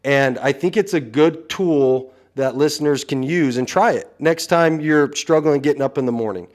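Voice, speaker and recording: A man with a slightly high voice talks through a casual podcast chat. He speaks like a coach, earnest and blunt, and keeps tossing in "you know" as he works out his points. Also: normal speed.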